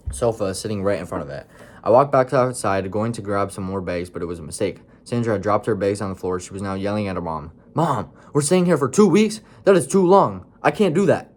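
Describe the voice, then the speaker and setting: Tired man reading his own book. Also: deep voice. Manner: mocks his own writing with joking asides. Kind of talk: casual read-aloud of his own story.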